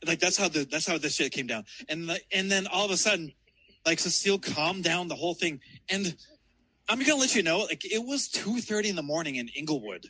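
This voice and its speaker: A man's voice: fairly high pitch, lively intonation, brisk, pushed and bright, breathy edge, dry recording, low-quality recording. A man telling a rambling story in casual chat, swearing heavily and restarting his sentences.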